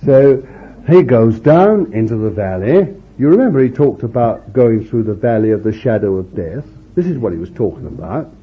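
A man's voice: lowish voice, big pitch swings, normal speed. A man preaching an informal Bible storytelling sermon in a chatty, homely way, with frequent asides to his listeners. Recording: dull lo-fi recording.

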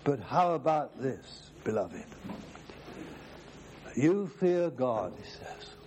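A man's voice: medium pitch, sing-song, slow pace, a little mellow, slight background noise. A man preaching a sermon, emphatic, quoting scripture at length.

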